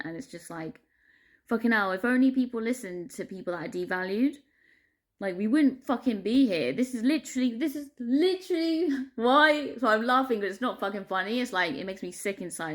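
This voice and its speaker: A woman vlogging in a casual, heavily sworn rant, full of fillers and bursts of frustrated laughter. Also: lowish voice. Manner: heavy swearing, filler-laden, laughing through frustration. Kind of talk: casual ranting monologue.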